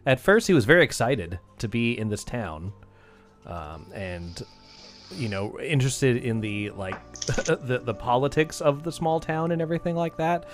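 A man's voice: mid-range voice, animated, unhurried, soft background music. Rambling man running a tabletop game. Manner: loose, rambling, lots of fillers. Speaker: game master.

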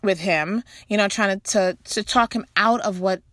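A woman's voice: mid-range voice, normal speed, a bit bright, dry recording. A woman talks to her viewers in a loose, chatty way, circling back with "you know" and restarting her thoughts as she shares a faith-based personal story. Her voice sits in an ordinary middle range and lifts animatedly as the story builds. The sound is dry and close, with almost no room around her. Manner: chatty, rambling, full of "you know" asides. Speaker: mother sharing a faith talk.

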